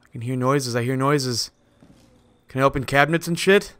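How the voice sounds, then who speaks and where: A let's play gamer with a mid-range, smooth, fairly bright voice speaks at a moderate pace with no echo. Jittery and swearing, he talks to himself as he plays a horror game.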